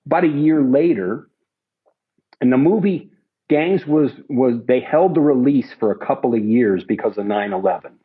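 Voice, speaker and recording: An older man tells long, rambling anecdotes with many restarts. His voice is husky and his pitch sits in the middle range. The recording is slightly dull and lo-fi. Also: moderate pace. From United States. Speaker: interview guest. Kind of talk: casual storytelling.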